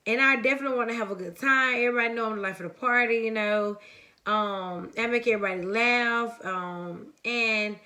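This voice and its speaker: A young woman from the United States telling a story-time vlog in a lively, chatty way, talking straight to her viewers. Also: mid-range voice. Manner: casual and chatty, calls viewers honey and baby. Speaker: vlogger.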